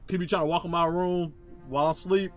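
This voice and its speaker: A young man streaming a game from his room on a headset mic, chatting in slangy casual commentary and yelling loudly at the scares. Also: fairly high pitch, steady tone, quick pace, soft background music. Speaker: gaming streamer. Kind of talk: casual live gameplay commentary.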